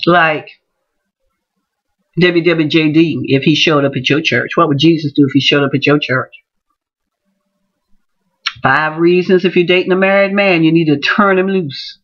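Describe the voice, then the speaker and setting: Animated woman telling a story. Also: low-pitched, normal speed, long pauses, muffled recording. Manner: animated, acts out voices in her stories. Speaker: teacher and vlogger. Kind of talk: casual storytelling vlog.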